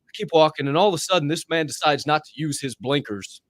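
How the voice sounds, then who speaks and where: A man's voice: fairly high pitch, fast, no echo. A man co-hosting a podcast, telling a story casually with lots of swearing and acted-out voices. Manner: profane, animated, acts out voices in his stories. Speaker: podcast co-host.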